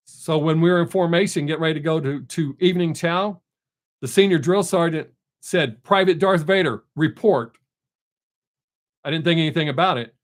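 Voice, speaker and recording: A middle-aged man talks straight to his live-stream viewers in a blunt, chatty way. His voice sits a little on the high side, and he rambles easily from one story to the next. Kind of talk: casual chat with viewers.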